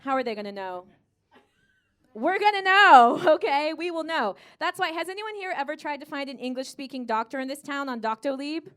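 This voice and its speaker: A woman's voice: high-pitched, expressive, fast talker, hardly any pauses. An American woman doing live stand-up on stage, with a brash, profane, valley-girl delivery into a handheld mic. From United States. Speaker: stand-up comedian. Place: comedy stage before a live audience.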